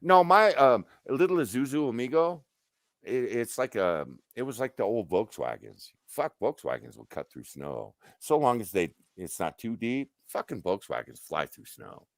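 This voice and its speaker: A man's voice: mid-range voice, moderate pace, vocal fry, no echo, clean studio sound. A man telling stories casually as a guest, swearing freely and acting out what people said. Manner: animated, profane, acts out quoted dialogue. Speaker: guest on a stream. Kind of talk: casual storytelling.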